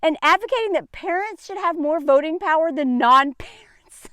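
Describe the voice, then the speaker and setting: A woman talks straight to her viewers in a high, bright-pitched voice, casual and sarcastic. She laughs often and strings her thoughts together with plenty of "like". The sound is close and dry, with no room around it. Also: big pitch swings, a little fast, hardly any pauses, no room sound. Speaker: commentary vlogger. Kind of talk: casual opinion commentary.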